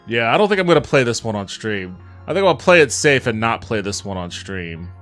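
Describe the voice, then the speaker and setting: A man's voice: on the low side, sing-song, a little fast, fairly bright tone, soft background music. A man streaming a game, chatting casually and swearing freely. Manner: swears freely, rambling asides.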